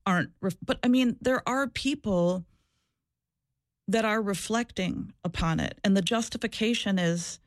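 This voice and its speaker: Clean studio sound with no room noise carries a medium-pitched, unhurried female voice. As a guest who once worked in social work, she talks openly and thoughtfully, often restarting her sentences and repeating herself.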